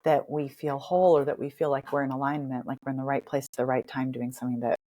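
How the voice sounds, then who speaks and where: A woman dialect coach and author talking as a guest in a podcast interview, animated and emphatic, with playful asides. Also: very deep voice, fast talker.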